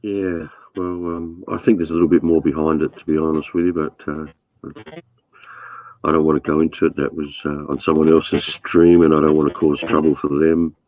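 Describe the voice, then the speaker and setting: A man with a stuffy nose, hosting a relaxed voice chat with easygoing, hesitant talk. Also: rumbling low, normal speed. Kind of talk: casual chat. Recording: slightly dull mic with faint noise.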